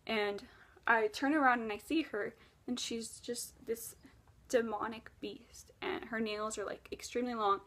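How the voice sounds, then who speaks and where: Earnest and emotional, a vlogger recounts a painful chapter of her life to camera, her voice a touch higher than average. Though her tone is steady and her pace measured, she shifts from loud bursts to hushed, almost whispered passages.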